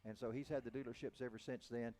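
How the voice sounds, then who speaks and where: A man's voice: medium pitch, fairly even intonation, fast talker, warm tone. A man in his seventies hosting a show, chatting casually and laughing often with his guest. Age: 70s. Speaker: host. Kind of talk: casual broadcast chat.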